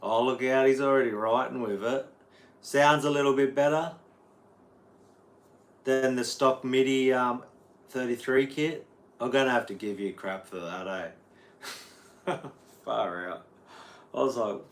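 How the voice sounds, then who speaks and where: A man's voice: medium pitch, a little slow, long pauses. An Australian man, a guitar teacher, rambling casually on a livestream and answering viewers' chat. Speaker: guitar teacher streaming live.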